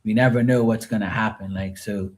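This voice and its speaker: A man's voice: on the low side, fairly even intonation, a little fast, darkish tone, a little hiss or hum. A man chatting casually on a live tarot stream, rambling and swearing freely. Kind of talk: casual livestream chat.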